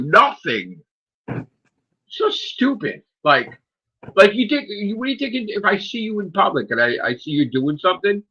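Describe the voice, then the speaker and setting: A man's voice: high voice, breathy edge, lo-fi sound. A man, ranting profanely and mocking on a casual stream chat as host. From United States. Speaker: channel host.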